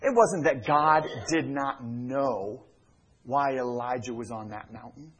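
A middle-aged male pastor preaching a sermon in a church, swinging from loud emphatic lines to hushed near-whispers. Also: medium pitch, slow pace, dull audio. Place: church sanctuary.

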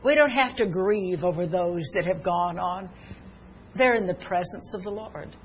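A woman's voice: lowish voice, unhurried, muffled recording. An older woman delivers a sermon in an earnest, personal way. She weaves scripture together with stories from her own family. A faint noise sits behind her voice. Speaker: preacher.

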